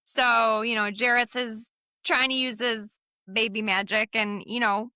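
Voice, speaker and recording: A middle-aged woman chats through a film scene by scene on a podcast, slipping into the characters' lines as she goes. Her voice sits fairly high and bright. The sound is dry and close. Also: fairly even intonation, unhurried, clear, resonant tone, no room sound. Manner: retells scenes acting out lines, laughs often. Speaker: podcast co-host. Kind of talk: casual film rewatch chat.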